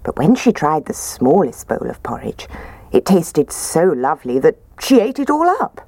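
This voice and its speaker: A woman reading a children's storybook aloud in an expressive, sing-song way. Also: deep voice, normal speed, no echo.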